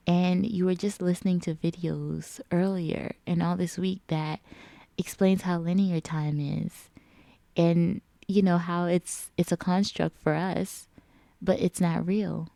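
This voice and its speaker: Woman vlogging casually, low mellow voice, rambles with lots of likes. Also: fairly even intonation, takes it slowly, creaky, dry recording. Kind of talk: casual reflective chat.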